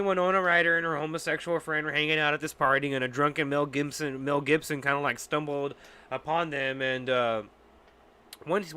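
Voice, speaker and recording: A man's voice: on the high side, bright, forceful tone, clear, resonant tone. A male podcast host in a casual, profane, exasperated rant. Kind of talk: casual ranting chat.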